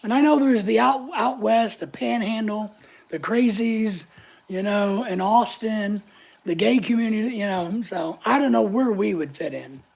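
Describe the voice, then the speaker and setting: A woman's voice: mid-range voice, a little slow, creaky, darkish tone, husky. An older woman hosting a casual live chat, talking in a blunt, opinionated, chatty way. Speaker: channel host answering live chat.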